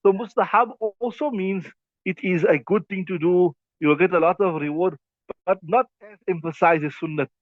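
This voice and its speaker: A man teaching from an Islamic legal text, with a fairly high voice. He walks through each point slowly and keeps checking in with his students. The sound is thin and phone-like, with no room around it. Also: no room sound. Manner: explains step by step, often checks "right?". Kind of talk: classroom text lesson. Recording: thin phone-like dry recording.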